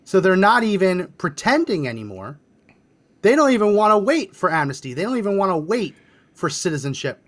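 A man hosting a political commentary podcast, his voice a touch higher than most men's. He talks through on-screen clips in a brisk, sardonic way and cues his producer along the way. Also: big pitch swings. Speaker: podcast host.

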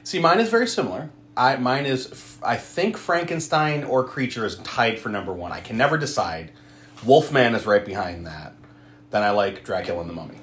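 A man hosting a podcast, talking in a lively, swooping voice and laughing often. His voice has a clear room echo around it. He uses a casual chat style. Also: mid-range voice, a little fast. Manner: animated, laughs often, mimics people in quotes. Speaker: podcast host.

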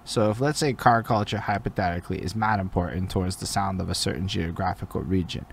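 Laid-back slangy man, low voice. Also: fast, gravelly, a little hiss or hum. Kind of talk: casual podcast chat.

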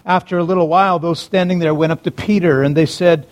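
A man delivering a sermon with a voice pitched a little above the usual for men. He shifts from urgent, emphatic lines to low, hushed reflection. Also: fairly even intonation, quick pace. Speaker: pastor.

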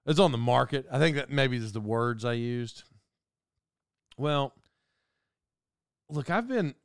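A man's voice: fairly high pitch, clean tone, dry recording, studio quality. A middle-aged man hosting a casual monologue, a rambling storyteller who mocks himself. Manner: rambling storyteller, animated and self-mocking. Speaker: podcast host.

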